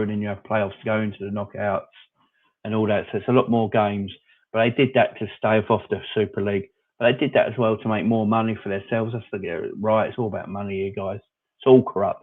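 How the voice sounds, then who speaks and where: A man hosting a casual live-stream chat, answering viewers by name in a rambling, opinionated way. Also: fairly low pitch. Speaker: fan channel host reading live chat. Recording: phone-like narrow audio.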